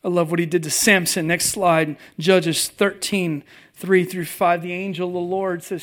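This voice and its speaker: Man preaching with a high voice. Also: moderate pace. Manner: animated, humorous, swings between hushed and loud. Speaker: pastor. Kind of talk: sermon with personal storytelling. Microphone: presentation with slides, live audience.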